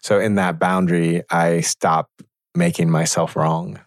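A man teaching in a reflective conversation, measured and thoughtful, pausing to find his words. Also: low-pitched, level tone, no room sound, studio quality.

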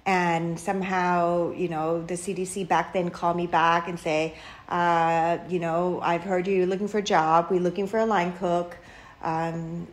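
A middle-aged woman from Thailand speaks English with a Thai accent, sitting as an interview guest. She tells her story with animated energy, breaking into laughter and stumbling through fillers and restarts as she goes. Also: mid-range voice. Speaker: chef and restaurant owner, guest.

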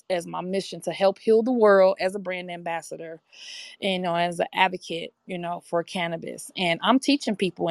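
A woman's voice: fairly low pitch, vocal fry, no room sound. A woman guest talking enthusiastically in a casual interview, full of fillers and restarts. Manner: enthusiastic, chatty, many fillers. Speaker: interview guest, brand ambassador. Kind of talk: casual testimonial chat.

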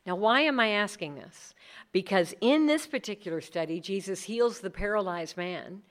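A woman's voice: medium pitch, moderate pace. A middle-aged woman speaking earnestly to a group about leading Bible studies, acting out the people she quotes. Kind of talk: talk with audience questions.

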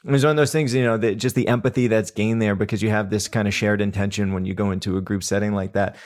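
A man's voice: fairly low pitch, fairly even intonation, fast, darkish tone. A man who teaches breathwork, telling a story in a casual podcast chat, full of restarts and fillers. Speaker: breathwork instructor.

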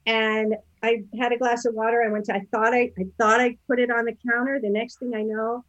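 A woman's voice: on the high side, level tone, fairly quick, fairly bright tone, no echo. Chatty fifties woman guest, loose and digressive; dull dry recording. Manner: chatty, rambling, many fillers and restarts. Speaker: podcast guest. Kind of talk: casual storytelling interview.

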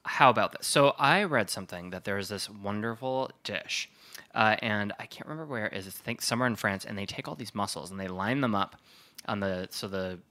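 A man's voice: on the low side, a little fast, bright, forceful tone. A man co-hosting a podcast, chatting casually and enthusiastically about cooking dishes. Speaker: podcast co-host. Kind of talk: casual food chat.

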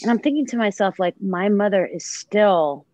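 A woman's voice: medium pitch, normal speed, no echo. Middle-aged woman chef telling stories, dry sound. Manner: lively storyteller, animated quoting. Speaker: guest, chef. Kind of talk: telling family stories in casual conversation. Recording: dry, slightly dull sound.

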